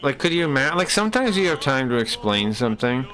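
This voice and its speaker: A male streamer talks at a middle pitch, riffing to his chat in loose, swearing rants that cut off and start over. Faint music plays under his voice throughout. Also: big pitch swings, fast, fairly bright tone. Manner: rambling, profane, self-interrupting rants. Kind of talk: casual live-stream chat.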